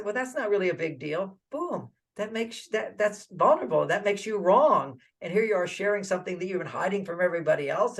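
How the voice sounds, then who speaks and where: An older man giving relationship advice in an interview, animated and acting out little quoted dialogues. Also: high voice, creaky. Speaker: relationship author and guest.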